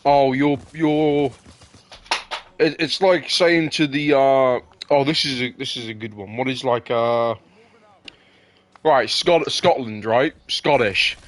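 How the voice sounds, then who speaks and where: A man's voice: mid-range voice, takes it slowly. A man arguing heatedly in casual chat, swearing often and tripping over his words. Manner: heated, swears freely, stumbles and repeats himself.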